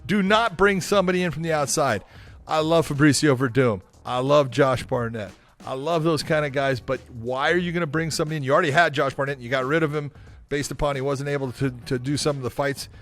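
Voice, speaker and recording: A man's voice: on the high side, fast, a bit bright. A man co-hosting a casual sports podcast, giving blunt, emphatic opinions. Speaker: podcast co-host.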